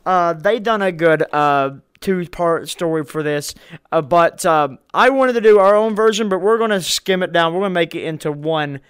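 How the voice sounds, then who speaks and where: A man's voice: on the high side, normal speed, fairly bright tone, smooth. A man hosting a casual podcast chat, laughing often and swearing freely. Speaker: podcast host.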